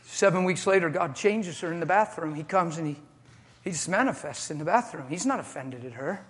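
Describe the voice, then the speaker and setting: Fervent male preacher, bright tense tone, echoey hall. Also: on the high side, lively intonation, brisk, slight background noise. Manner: impassioned, rising to shouts. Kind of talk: sermon.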